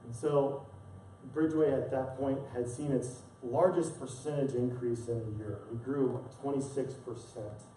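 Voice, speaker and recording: A male pastor shares a personal story during a sermon in a church sanctuary, speaking with earnest emotion and repeating words. His mid-range voice is steady, unhurried, and dark, and the recording sounds echoey and distant with slight hiss or hum.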